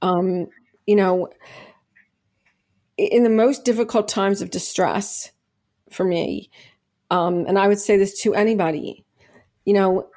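A woman's voice: mid-range voice, fairly even intonation, measured pace, long pauses, dark tone. A middle-aged woman, a podcast guest, talking earnestly and at length, with many restarts and fillers. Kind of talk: conversational interview, personal testimony.

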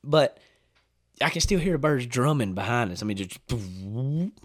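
Animated man telling hunting stories. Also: medium pitch, normal speed, dry recording, clean studio sound. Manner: animated storyteller, acts out quotes, laughs often. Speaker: hunting storyteller guest. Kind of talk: casual chat.

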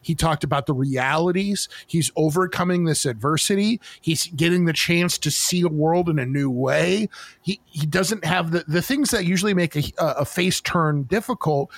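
A man co-hosting a podcast in casual chat, excited and profane, talking in rambling bursts with restarts. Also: on the high side, normal speed, no echo. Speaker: podcast co-host.

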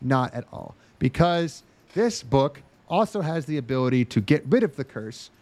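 A man's voice: medium pitch, animated, normal speed, darkish tone. A man hosting a casual podcast, recapping with sarcastic, profane rants and mocking put-on voices. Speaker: podcast host.

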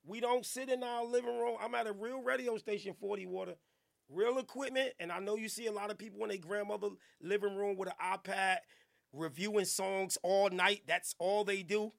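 A man hosting a radio podcast, riffing in casual, profane, animated banter. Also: high-pitched, moderate pace, creaky. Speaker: radio show host. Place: radio studio.

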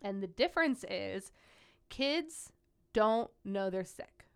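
A young woman working as a pediatric nurse, telling stories in an animated interview with many "like" fillers. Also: mid-range voice, takes it slowly, gravelly, clear, resonant tone. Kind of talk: conversational interview storytelling.

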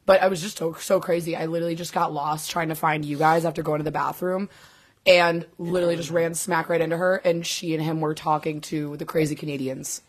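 A young American college student chatting casually on a podcast, rambling with fillers and swearing. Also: female voice, sits low, level tone, a little fast. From United States. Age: young adult. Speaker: podcast co-host. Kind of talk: casual chat.

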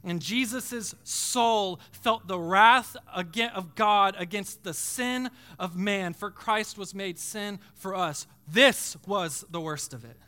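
Bright high-voiced preaching man. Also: takes it slowly, few pauses, smooth. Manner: preaching with dramatic swells from hushed to shouting. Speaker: pastor. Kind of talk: sermon.

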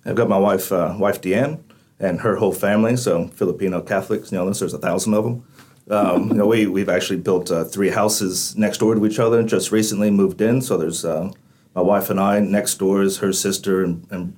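A man's voice: deep voice, fairly even intonation, fairly quick, darkish tone. A man in his forties from Texas with a Texan accent, chatting easily as a guest in a podcast interview. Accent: Texan with a slight Irish-like lilt. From Texas, USA. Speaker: mining company managing director, guest.

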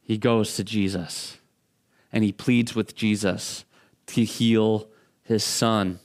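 A man preaching a sermon as a pastor, talking in a conversational, halting way with frequent restarts. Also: lowish voice, fairly even intonation.

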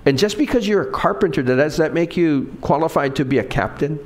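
Middle-aged male pastor, animated pitch, chatty sermon delivery with acted-out quotes. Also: fairly quick. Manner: conversational, asks the congregation questions; acts out quoted lines in different voices.

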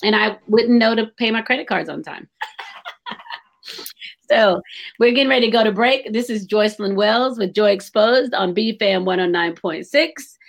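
A woman's voice: mid-range voice, normal speed, creaky. A woman hosting a radio talk show, chatting openly and expressively and laughing easily.

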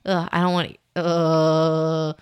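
Animated woman telling a story. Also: sits low, drawn-out words, smooth. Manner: animated storyteller, breaks into laughter and squeals. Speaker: podcast co-host. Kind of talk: casual chat.

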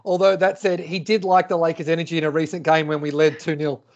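A man with a notably high voice co-hosts a casual sports chat, animated and full of excitable build-ups. The audio comes through muffled and lo-fi. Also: fast talker. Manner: enthusiastic, builds up to a question with dramatic lead-ins. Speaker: podcast co-host.

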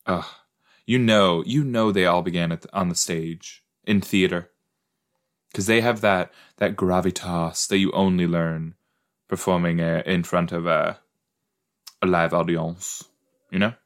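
This young male podcast host has a deep, unhurried voice and reacts to an episode with jokey, rambling watch-along chatter. He's chatty, easily startled, and full of playful asides.

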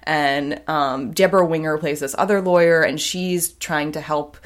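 Low-voiced woman rambling through a film recap. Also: steady tone, moderate pace. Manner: rambling, many fillers and restarts. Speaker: podcast co-host. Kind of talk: casual chat, recapping a film.

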